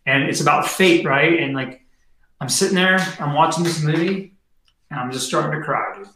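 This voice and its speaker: A man's voice: a little high, normal speed, bright, forceful tone, a little hiss or hum. A middle-aged man, a podcast guest, telling a story casually in slangy talk full of fillers. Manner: slangy, heavy on fillers and "dude". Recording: very echoey room.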